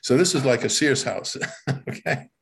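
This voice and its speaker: An older man telling neighborhood stories in a relaxed, rambling way at an ordinary pitch, repeating words as he goes. He chuckles often and keeps checking in with his listener. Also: moderate pace, vocal fry, breathy edge. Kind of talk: casual reminiscing.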